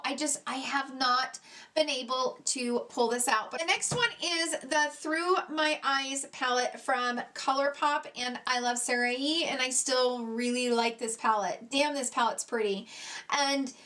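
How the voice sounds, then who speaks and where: A woman's voice: sits high, fairly bright tone. A woman beauty vlogger giving a casual product review, chatty and gushing, swearing casually and poking fun at herself.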